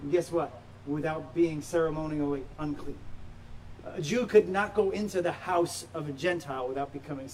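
A man's voice: fairly high pitch, moderate pace, darkish tone. Emphatic man preaching a sermon. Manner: emphatic, with rhetorical questions. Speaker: pastor. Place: church sanctuary. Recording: distant mic with faint background noise.

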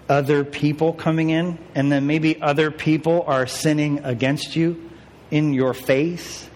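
Conversational young pastor in a reverberant hall. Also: male voice, fairly high pitch. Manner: conversational preaching, rhetorical questions, self-deprecating asides. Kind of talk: sermon.

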